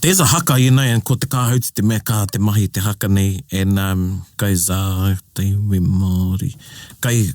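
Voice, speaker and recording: Low-voiced man chiming into a lesson. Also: fairly even intonation, a little mellow, no room sound, studio quality. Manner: quick, encouraging backchannel, brief answers. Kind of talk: casual lesson chat.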